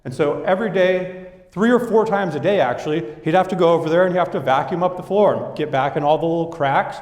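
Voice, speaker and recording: In an echoey large hall, a young man delivers a business presentation to an audience, his slightly high voice moving at a quick pace under a long, roomy reverb. He tells his stories with energy, acting out his coworkers' lines along the way.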